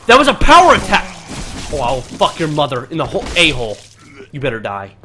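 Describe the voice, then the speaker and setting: A young man giving let's play commentary, excitable and panicky, swearing and trash-talking the enemies as he plays. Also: fairly high pitch, fairly quick, slight background noise. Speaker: gaming commentator.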